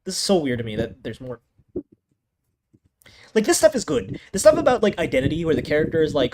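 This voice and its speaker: Young male anime reviewer, fairly high and very animated voice, swearing and ranting, noisy home recording. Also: fast talker. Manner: exasperated, profane rant with frequent restarts. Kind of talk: casual ranking commentary.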